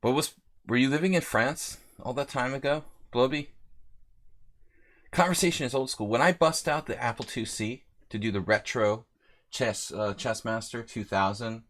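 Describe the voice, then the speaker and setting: A man's voice: medium pitch, moderate pace, a bit bright. Man, chess streamer, casual live-stream chat, rambling, reads out viewer names, mid-range voice. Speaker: chess streamer hosting a simul.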